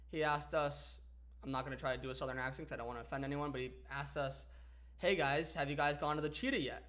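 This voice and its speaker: A man's voice: fairly high pitch, fairly bright tone. A young man co-hosting a podcast, playfully telling a funny anecdote in casual chat. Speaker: podcast co-host.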